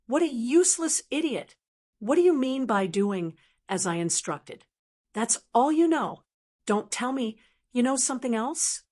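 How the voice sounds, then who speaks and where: A woman's voice: fairly high pitch, animated, unhurried, pitched above the performer's own voice. A woman voicing a cruel, seductive palace schemer who speaks lazily and scolds with scorn in an audiobook. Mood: scolding. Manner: lazy, sweet, then cutting and scornful.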